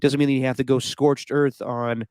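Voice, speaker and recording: A man's voice: mid-range voice, little pitch movement, moderate pace, a little mellow, clean tone, no room sound. A man co-hosting a podcast, giving his opinions in casual sports chat and laughing often. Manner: opinionated, laughs often, does mock impressions. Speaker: podcast co-host.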